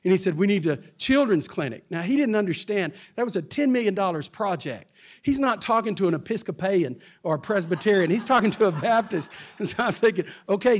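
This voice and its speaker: A man from Texas, a pastor, telling a story, laughing often and acting out the other people in it. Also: sits high. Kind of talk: storytelling talk.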